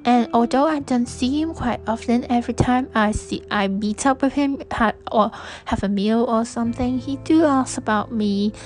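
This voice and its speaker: A woman's voice: fairly high pitch, normal speed, few pauses, darkish tone, poor audio. A young woman hosting a podcast, talking through a personal reflection in a hesitant way with many restarts. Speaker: podcast host.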